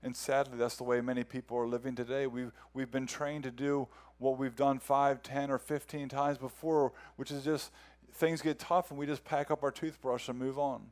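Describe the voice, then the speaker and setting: A male pastor preaching a sermon, earnest, repeating words as he builds each point and reading scripture slowly and with feeling. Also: medium pitch, little pitch movement, darkish tone.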